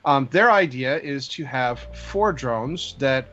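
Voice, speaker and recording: A man hosting a drone news segment, reading stories in a measured way with frequent fillers. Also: mid-range voice, animated, pushed and bright, muffled recording. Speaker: news host.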